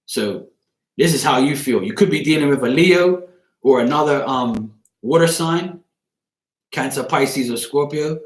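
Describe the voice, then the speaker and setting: A man with a somewhat high voice talks a little slowly, giving a casual tarot reading on a live stream from an echoey room. He's loose, blunt and crude, rambling along with plenty of "you know what I'm saying."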